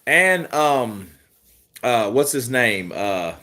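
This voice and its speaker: A man's voice: medium pitch, very animated, drawn-out words, bright, forceful tone. A man hosting a live boxing news stream, joking and swearing casually while answering viewer comments. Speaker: host of a boxing news channel.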